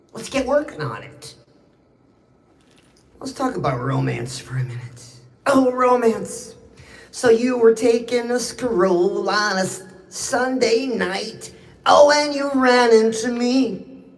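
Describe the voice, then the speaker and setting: A woman's voice: a little high, animated, slow pace, long pauses, echoey room, rough recording. A woman hosting a live stream, giving a brash, teasing motivational talk straight to her viewers and calling them out.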